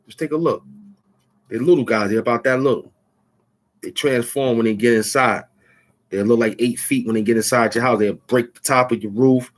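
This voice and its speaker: A man's voice: medium pitch, normal speed. A man hosting his own channel, taunting and boasting in a rambling trash-talk rant. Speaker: channel host. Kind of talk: trash-talking rant at the camera.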